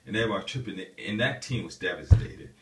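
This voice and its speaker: A man's voice: fairly low pitch, lively intonation, quick pace, recorded from a distance. A man vlogging a personal story in a casual, rambling way, full of fillers and restarts.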